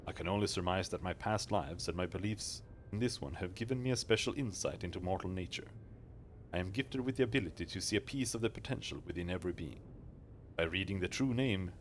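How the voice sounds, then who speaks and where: A man's voice: sits low, slight background noise. A man doing a grave, aloof mystic woman. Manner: grave, archaic, condescending. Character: aloof mystic woman, power to reshape souls.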